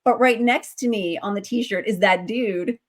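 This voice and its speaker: A woman chatting as an interview guest, telling a story animatedly with lots of fillers. Her voice is mid-pitched for a woman. She acts out each person's lines as she goes. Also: unhurried.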